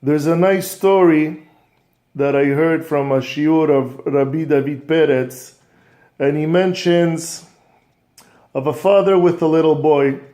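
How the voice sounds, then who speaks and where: A man teaching a scripture lesson, telling a moral story in an animated way with frequent restarts. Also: on the high side, slow pace. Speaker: religious teacher and coach.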